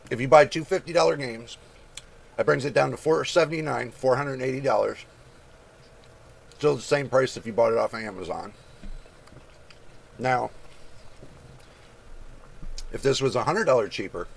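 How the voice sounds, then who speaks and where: A man's voice: medium pitch, a little slow, vocal fry, pauses often. A man hosting his own channel, chatting casually as he reads prices aloud and makes asides to his viewers. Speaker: channel host. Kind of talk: casual screen-share commentary.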